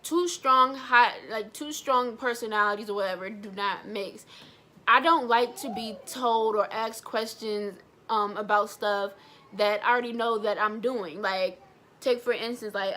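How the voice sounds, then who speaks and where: A young woman vlogger telling a personal story in a blunt, animated way, swearing freely. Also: medium pitch. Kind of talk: storytime vlog.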